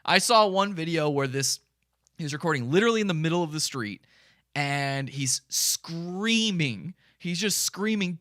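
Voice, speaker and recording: Lively bright-voiced male stream host. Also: fairly high pitch, moderate pace, no room sound, clean studio sound. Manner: animated, laughs between lines. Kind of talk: casual live commentary.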